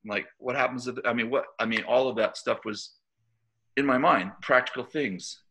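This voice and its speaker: Gravelly, bright-voiced male preacher. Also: mid-range voice, moderate pace. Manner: conversational storytelling with many fillers and restarts. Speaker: church leader. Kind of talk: informal preaching to a church group.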